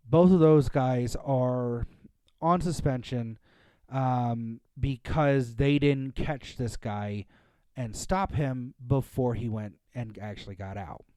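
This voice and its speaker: A man's voice: mid-range voice, dark tone, clean tone, no echo, studio quality. A man co-hosting a podcast, chatting casually in a rambling way with many fillers and restarts. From Pennsylvania, USA. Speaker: podcast co-host. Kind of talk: casual chat.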